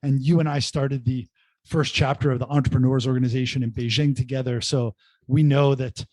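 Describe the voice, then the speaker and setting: A middle-aged man, an entrepreneur guest, telling his story in a casual podcast interview with animated, joking asides. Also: medium pitch, fairly quick, no echo. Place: remote call.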